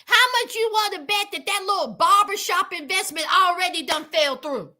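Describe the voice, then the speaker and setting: Very high, bright, sassy woman. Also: normal speed. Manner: sassy, animated, talks straight to viewers. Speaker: reality TV commentator. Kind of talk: casual reaction commentary.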